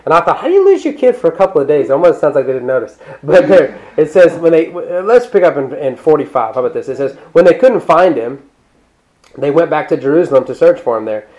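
A male pastor preaching a sermon in a conversational, animated way, breaking off into asides and restarting his sentences. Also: a little high, fast, poor audio. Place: church.

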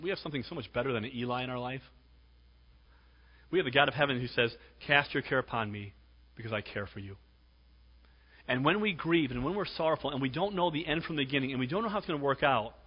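A male pastor preaching a sermon, emphatic, swinging between loud exhortation and hushed tones. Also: medium pitch, slightly rough. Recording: dull lo-fi recording with long hall reverb.

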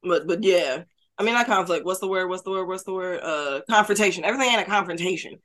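A woman co-hosting a casual podcast, speaking bluntly, swearing freely and often breaking into loud laughter. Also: on the low side, fast. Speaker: podcast co-host.

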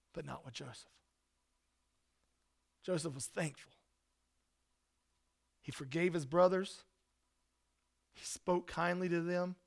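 A man preaching a sermon in an earnest way, rising to loud emphasis and dropping to soft, hushed lines. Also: a little high, gravelly. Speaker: pastor.

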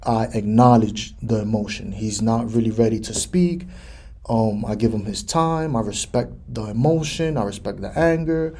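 A man in his thirties talks through a solo podcast episode in a relaxed, easygoing way, filling gaps with "you know" and "like". His voice is mellow and dark, with a husky grain to it. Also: fairly low pitch, moderate pace. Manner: conversational, loose, many fillers like "you know". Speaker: podcast host. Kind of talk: casual solo podcast talk.

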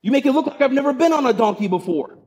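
A man's voice: very high-pitched, expressive, quick pace, darkish tone, voice pushed up. A pastor acting out an angry man in a sermon retelling, ranting indignantly at his donkey. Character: angry ancient male donkey rider, indignant.

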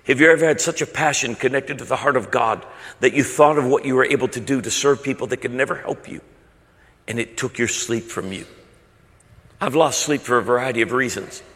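A man's voice: medium pitch, fairly quick, a bit bright, in a large hall. A man preaching a sermon, telling stories with rising passion. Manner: storytelling, impassioned. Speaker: pastor.

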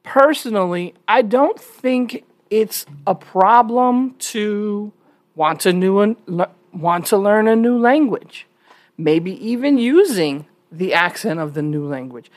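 Slow, opinionated commentator in a dry room. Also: medium pitch, lively intonation, dry recording. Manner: opinionated, hedging, with frequent restarts. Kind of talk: casual commentary to camera.

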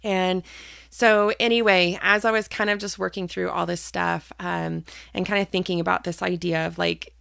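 A woman's voice: on the low side, flat delivery, normal speed, gravelly, a bit bright, no echo, studio quality. A woman hosting a personal faith podcast, talking candidly and hesitantly with many fillers and restarts. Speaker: podcast host.

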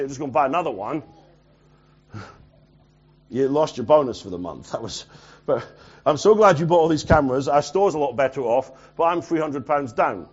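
Preacher guy, voice a bit on the high side, goes from loud and urgent to almost muttering, dull lo-fi sound. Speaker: pastor. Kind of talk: sermon.

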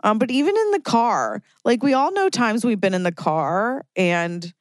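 A woman's voice: a little high, very animated, moderate pace, no echo, clean studio sound. A woman hosting a casual solo chat, talking in a chatty, playful way and acting out her own thoughts in little voices. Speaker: podcast host. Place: lives in a big city.

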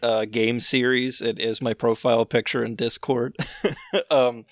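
Relaxed man chatting as a podcast guest. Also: medium pitch, unhurried, no room sound, clean studio sound. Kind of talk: casual chat.

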